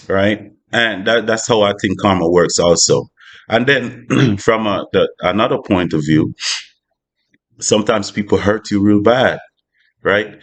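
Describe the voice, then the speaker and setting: A man's voice: on the low side, unhurried. A man giving a casual spiritual talk, loose and conversational with many "you know" asides. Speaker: spiritual vlogger.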